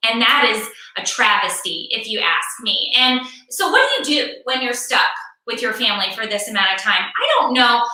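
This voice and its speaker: Woman, middle-aged, stand-up comedian, sarcastic exasperated rant, very bright tone, distant mic. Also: a little high, animated, normal speed. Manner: sarcastic, exasperated ranting with repetition for effect. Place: home room, performing for a virtual show. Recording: very echoey room, far from mic.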